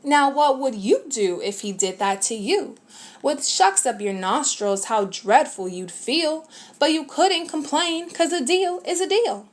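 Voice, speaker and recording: A woman reads a rhyming children's book aloud at a measured pace with a steady, lilting rhythm. Her voice sits a bit high for a woman and stays clear and friendly, making it easy to follow.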